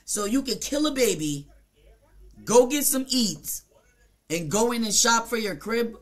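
Jamaican streamer, mid-pitched, blunt and profane storytime rant, rambling with fillers. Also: expressive, unhurried. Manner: mimics other people in short quoted asides.

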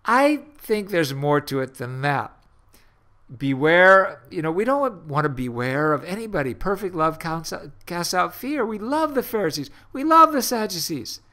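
A man hosting a radio sermon, preaching earnestly with emphatic rises and slow, drawn-out phrases. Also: high voice, very animated, pushed and bright. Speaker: podcast host and minister.

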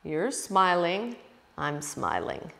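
Old male yoga master put on by a woman, gentle, terse, clipped phrasing, reverberant room. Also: lowish voice, wildly swooping pitch, slow pace, gravelly, heavily acted.

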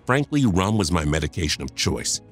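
A man's voice: deep voice, big pitch swings, fairly quick, faint music behind. A man in his fifties narrating a first-person story, confiding and talking straight to the listener.

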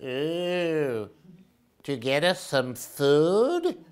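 A woman voicing a timid, dithering middle owlet brother in a children's picture book, with slow, hesitant speech. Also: low voice, very animated, darkish tone, slight background noise, heavily acted. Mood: fretful.

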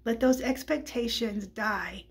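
A woman's voice: a little high, measured pace, slightly rough. A woman giving a personal Christian testimony in a candid, conversational way, often tossing in "like" and "right?".

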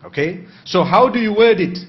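A man preaching a sermon, measured and posing rhetorical questions he then answers. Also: high voice, expressive. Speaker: Islamic preacher. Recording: dull lo-fi recording.

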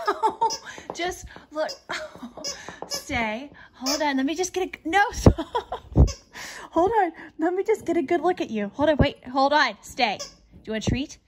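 A woman's voice: sits high, sing-song, normal speed. A woman coaxing and cooing at her dogs in a sing-song voice, in a home video. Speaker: dog owner. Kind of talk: casual baby talk to pets. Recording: home video with background noise.

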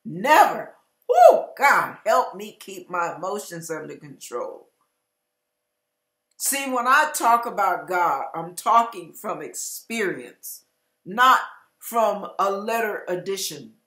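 A woman preaching an emotional sermon, fervent and emphatic, sometimes breaking into loud cries. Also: mid-range voice, echoey room. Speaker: online preacher.

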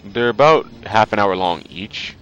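In an unhurried, animated manner, a man with a lowish, fairly bright voice and a stuffy nose offers casual let's play commentary that rambles and leans on fillers. Faint game music accompanies the dull, lo-fi recording.

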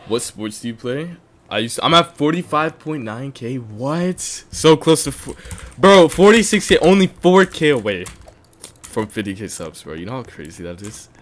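A man streaming a video game and chatting with viewers, excitable and quick to yell, his voice a little strained from talking for so long. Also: mid-range voice. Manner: excitable, breaks into yelling and laughing bursts. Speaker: streamer host. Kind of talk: casual gaming livestream commentary.

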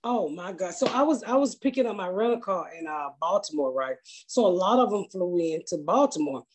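A woman's voice: fairly low pitch, animated, a little fast. A woman comedian telling a story in casual chat, blunt and profane. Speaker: comedian, podcast guest.

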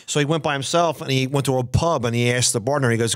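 A man's voice: medium pitch, fast. A man guesting on a comedy podcast, telling a casual anecdote and laughing through it. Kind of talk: casual storytelling banter.

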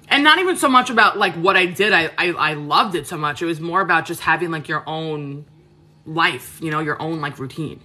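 A woman in her 30s from Queens, New York runs a cooking livestream from her home kitchen, answering viewers in a frank, casual way packed with fillers. Her voice sits low, with a bright, forceful tone.

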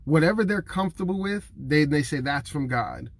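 A man's voice: on the high side, lively intonation, moderate pace, dry recording. A man in his thirties preaching to camera in an earnest, conversational way, emotional and near tears. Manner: earnest and conversational, acting out what others say; emotional, fighting back tears.

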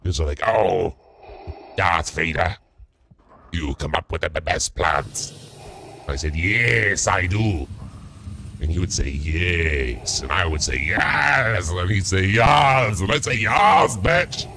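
A man doing a deep, slow Darth Vader parody. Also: animated, creaky, sharp tone, a little hiss or hum, exaggerated voice. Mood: scheming. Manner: slow, self-important, jokey boasting. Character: goofy boastful parody of a male dark lord. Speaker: streamer. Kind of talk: comedic parody game stream. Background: music.

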